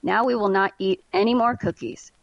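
A woman reading a storybook aloud, voicing a calm, sensible male frog in a low, patient voice. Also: moderate pace, gravelly, dry recording, lo-fi sound, natural voice.

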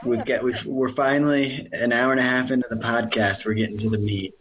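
A man's voice: mid-range voice, fairly even intonation, a little fast, a bit bright, a little hiss or hum, rough recording. A man hosting a podcast, chatting casually in a joking, rambling way. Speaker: podcast host.

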